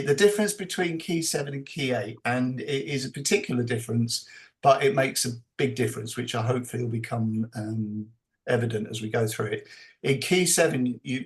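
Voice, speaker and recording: A man presenting a teacher training session over a video call, explaining slowly and acting out classroom dialogue. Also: mid-range voice.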